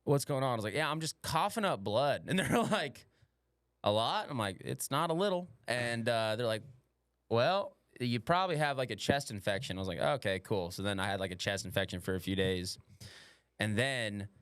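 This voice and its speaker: A man's voice: mid-range voice, expressive, normal speed, a bit bright, smooth, no echo, studio quality. A young man, a podcast host and stand-up comic, chatting casually and telling rambling stories full of swearing and playful slang.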